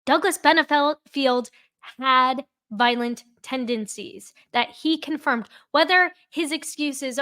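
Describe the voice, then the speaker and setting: A woman with a high, bright voice reacts to trial footage with sarcasm and indignation. She sounds worked up and pointed as she argues her side. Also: expressive, unhurried. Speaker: true crime commentator.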